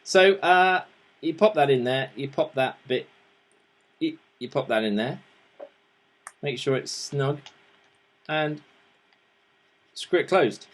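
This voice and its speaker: A man's voice: fairly high pitch, takes it slowly, pauses often. Chatty man demoing gadgets. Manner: chatty, rambling, with restarts and fillers; earnest, pleading. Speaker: host reviewing vaping gear. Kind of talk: casual show-and-tell review.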